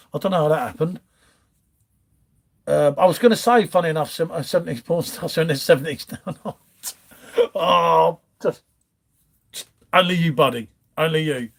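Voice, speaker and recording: A man hosting a casual live stream, reading out viewer chat and bantering like a friendly pub regular. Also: a little high. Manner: chatty, matey banter, calls everyone mate. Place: home, pub-style setup.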